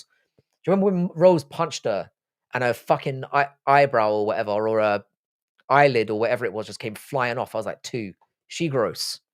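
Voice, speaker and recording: A man in his forties hosting a live stream, answering viewer chat in casual, blunt, profane, joking banter. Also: medium pitch. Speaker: livestream host.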